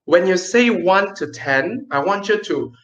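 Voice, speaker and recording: A man's voice: high-pitched, echoey room, muffled recording. Playful man teaching kids storytelling. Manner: lively, playful, with dramatic pauses and counting demonstrations. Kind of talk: online kids' class.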